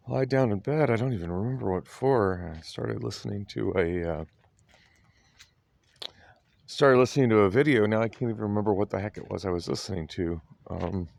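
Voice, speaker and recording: Groggy low-voiced man vlogging. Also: moderate pace, vocal fry, long pauses, a little mellow. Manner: groggy, hesitant, full of ums and restarts. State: tired and groggy. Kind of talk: rambling casual vlog.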